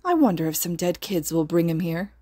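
Woman playing a raspy young villain, childish yet sinister, slow drawl, low voice, podfic. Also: sing-song, warm tone. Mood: menacing. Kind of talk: podfic reading.

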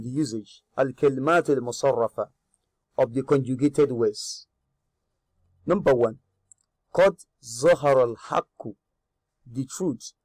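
A man teaching a grammar lesson. He repeats each word slowly, gives its English meaning and asks the learner questions. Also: medium pitch, darkish tone, no room sound. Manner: repeats Arabic words slowly, then glosses them in English. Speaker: Arabic teacher.

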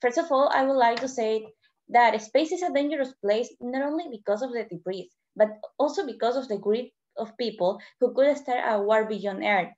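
A woman's voice: on the high side, moderate pace, a little mellow, highs cut off. A young woman, a student debater, reading a prepared formal speech over a video call. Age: teenager or young adult. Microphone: computer mic on a video call.

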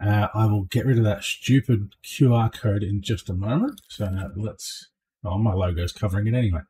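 An adult man streams himself playing a space game, chatting casually, joking along and often tacking a questioning "eh?" onto his lines. His voice is fairly low and mellow at a moderate pace, with slight background noise behind it.

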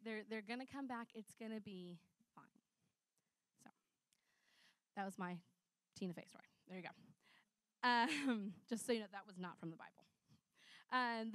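A woman preaching a conversational sermon, telling stories in a chatty, animated way with many fillers. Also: a little high, no echo.

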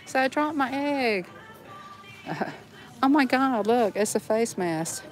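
A woman's voice: fairly high pitch, slow, pauses often. Southern woman vlogger, chatty and giggly, store aisles, faint background music. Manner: chatty, giggly, talks to viewers while browsing. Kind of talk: casual shopping vlog. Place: inside a large discount store.

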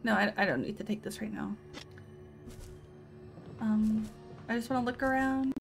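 A woman's voice: medium pitch, normal speed, vocal fry, soft background music. A woman giving casual let's-play commentary, talking to herself and letting out frightened yelps.

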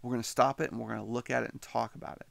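A man's voice: mid-range voice, flat delivery, very fast, vocal fry, no room sound. A man teaching a psychology class, talking conversationally and putting questions to his students. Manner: conversational, repeats himself, asks students questions. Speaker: psychology instructor. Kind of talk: recorded lecture commentary.

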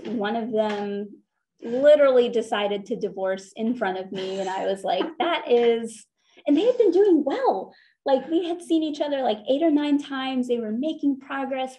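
A woman counselor giving an earnest, conversational talk on therapy at a church, slowing down to stress her points. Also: a little high, mellow, a little hiss or hum.

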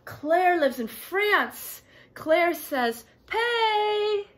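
A woman reading a picture book aloud to young children, sing-song and animated, gasping and asking her listeners questions. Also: high voice, unhurried. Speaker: storybook reader for children.

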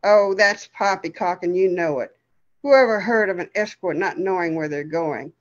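A woman's voice: lowish voice, moderate pace, muffled recording, close to an everyday voice. A woman voicing a feisty, stubborn elderly woman with dementia, scolding in a tart way. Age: older.

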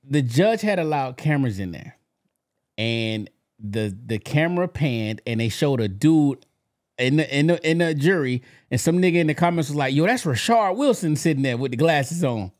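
A man co-hosting a podcast, telling stories in a loose, profane, animated way. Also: a little high, normal speed, no echo, clean studio sound. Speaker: podcast co-host. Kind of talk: casual chat.

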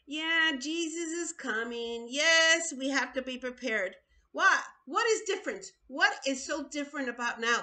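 A woman's voice: sits high, sharp tone. A woman preaching in a video sermon, urgent and pleading, often repeating her words.

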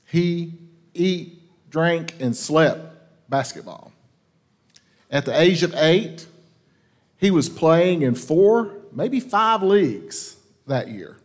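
A man's voice: a little high, animated, slow pace, long pauses. A man giving a memorial speech in an earnest way, stumbling now and then. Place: event hall.

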